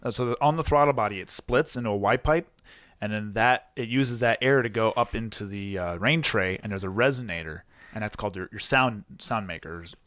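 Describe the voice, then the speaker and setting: A man's voice: on the low side, a little fast, fairly bright tone, no echo, studio quality. A man hosting a podcast, chatting casually about cars, joking and talking in fits and starts. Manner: laid-back, joking, talks in fits and starts. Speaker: podcast host. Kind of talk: casual car chat.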